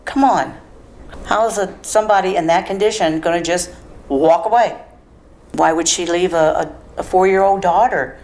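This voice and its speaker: A woman from the family speaks in an interview, indignant and exasperated. Her voice sits fairly low. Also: moderate pace, darkish tone. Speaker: family member. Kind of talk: interview recollection.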